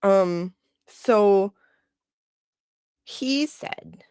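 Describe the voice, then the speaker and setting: A woman's voice: mid-range voice, expressive, very slow, a little mellow, clear, resonant tone, dry recording, studio quality. A woman hosting a livestream, chatting casually in a gossipy way and laughing often. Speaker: livestream host.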